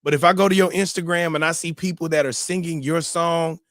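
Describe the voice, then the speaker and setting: A man's voice: fairly high pitch, fairly quick, dry recording, studio quality. Slangy, fired-up male morning host. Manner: animated, preachy advice with sudden loud outbursts; slangy and conversational, repeats words when fired up. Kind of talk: casual live-stream monologue.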